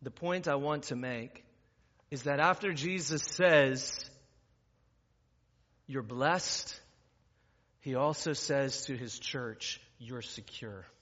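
A man's voice: medium pitch, slow pace, pauses often, a bit bright. A man preaching a sermon as pastor, talking conversationally and rising to emphatic preaching. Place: church sanctuary. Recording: muffled recording in a reverberant church hall.

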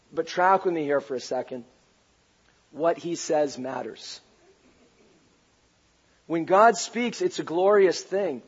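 A pastor preaching a sermon, animated and playful, raising his voice to a shout for emphasis. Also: a little high, breathy edge. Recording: dull lo-fi recording.

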